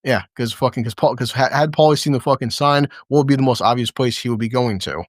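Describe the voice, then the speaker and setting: A man's voice: medium pitch, quick pace, no room sound, studio quality. A man casually recapping a TV episode on a livestream, rambling, swearing a lot and laughing often. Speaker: show recap host.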